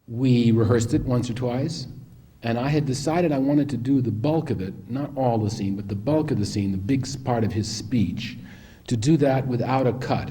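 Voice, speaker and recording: A man with a mellow, warm voice tells behind-the-scenes stories to an audience. He rambles and restarts, and slips into other people's voices to act out the scenes. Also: mid-range voice. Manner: rambling, animated, acts out the people he quotes. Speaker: film director telling anecdotes. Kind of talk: anecdotal storytelling to an audience.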